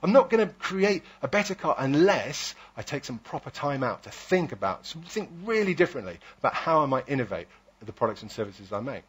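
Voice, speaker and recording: A man's voice: medium pitch, very animated, brisk, slightly rough. A man giving a persuasive public talk, often asking the audience rhetorical questions. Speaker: speaker.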